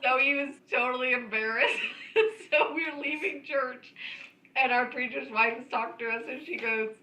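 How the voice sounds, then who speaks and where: A woman co-hosts a podcast, telling stories in an animated way and laughing often. Her voice is bright and a bit high. The recording sounds roomy, with audible echo. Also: moderate pace, slight background noise. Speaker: podcast co-host. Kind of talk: casual chat, storytelling.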